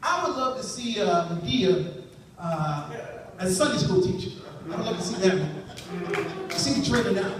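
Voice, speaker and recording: A man's voice: sits high, sing-song, normal speed, long pauses. A man performing a stand-up set in a club, talking in a loose conversational way with rambling asides. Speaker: stand-up comedian. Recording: echoey club, distant mic, noisy.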